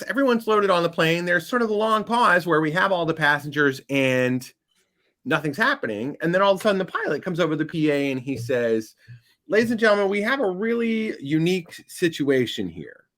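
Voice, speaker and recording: A man telling a long anecdote as a podcast guest, animated and building to loud punchlines. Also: on the high side, normal speed. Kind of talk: casual storytelling.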